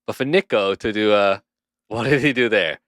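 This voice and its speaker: Podcast host, male, lowish voice, dry sound, loose animated banter with swearing. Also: normal speed, dry recording. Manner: animated, swears freely, laughs often. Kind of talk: casual chat. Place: lives in Japan.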